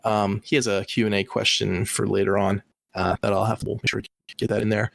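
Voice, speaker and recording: A man's voice: lowish voice, level tone, brisk, creaky, a bit bright, no echo. A man co-hosting a podcast in casual, rambling chat with lots of fillers. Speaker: podcast co-host. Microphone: online call recording.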